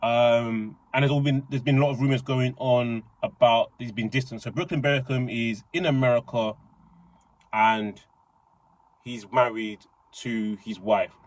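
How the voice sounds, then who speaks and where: A young man giving casual, excitable commentary, rambling with slang and frequent restarts. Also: mid-range voice, a little slow, no room sound. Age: young adult. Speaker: reaction channel host.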